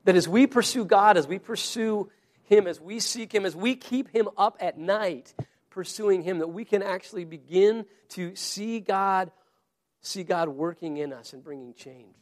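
A man's voice: high voice, unhurried. A man preaching a sermon to a congregation, earnest, often repeating and restarting his words. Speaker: pastor.

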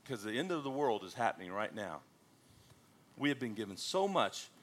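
A man preaching a sermon to his congregation, animated and joking, often calling out questions to the room. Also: on the low side, normal speed. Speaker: pastor.

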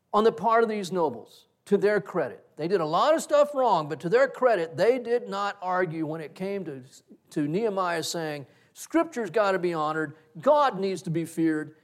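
A middle-aged man preaching a sermon, telling personal stories in an animated way and acting out the conversations in them. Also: high voice. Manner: animated storyteller, acts out quoted exchanges with laughter. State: breathes through one side of nose. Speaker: pastor.

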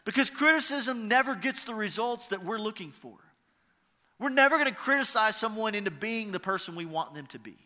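A high-pitched man with a bright, ringing voice preaches a sermon. He is earnest and says his main points twice over. His voice carries a long reverb from a large church hall. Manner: earnest, repeats key lines for emphasis. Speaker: pastor.

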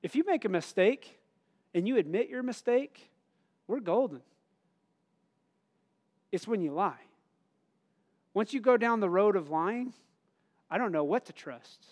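A middle-aged man preaching a conversational sermon, asking the congregation questions and telling personal stories with bursts of loud emphasis. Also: sits high, animated, measured pace, pauses often. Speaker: pastor.

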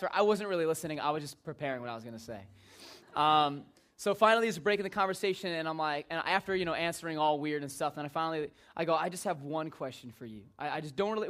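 Young guy with a high voice rambling thru funny stories to a youth group, jumps into silly voices. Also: fairly bright tone. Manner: rambling, jumpy, funny anecdotes with acted-out voices. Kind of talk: casual storytelling to a group.

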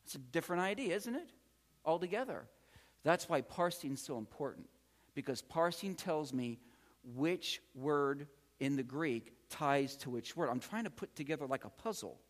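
A man's voice: on the high side, animated, normal speed. A man giving a patient, encouraging classroom lecture as a Greek teacher, often repeating key words. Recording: long hall reverb.

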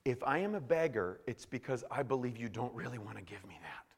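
A man preaching a sermon in an animated way, swinging from hushed to loud. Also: mid-range voice, fairly quick, husky, in a large hall. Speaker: pastor.

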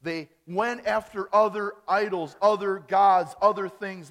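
A man from Wisconsin preaching a sermon as pastor, rising on key phrases and dropping soft at the ends of lines. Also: high voice, a little slow, few pauses. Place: church sanctuary. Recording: reverberant church hall.

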